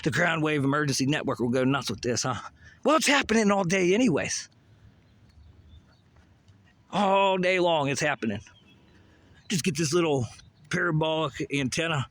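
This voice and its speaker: Bright, rambling, profane man. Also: a little high, normal speed, long pauses. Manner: profane, rambling, conspiratorial, asks himself questions. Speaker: vlogger. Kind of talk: rambling monologue.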